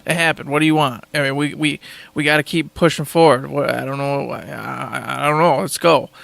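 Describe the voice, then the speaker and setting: A man voicing a gruff, stern middle-aged warrior father who talks in a low, dismissive grumble. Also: fairly even intonation, a little fast, a bit bright, no room sound. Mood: awkward.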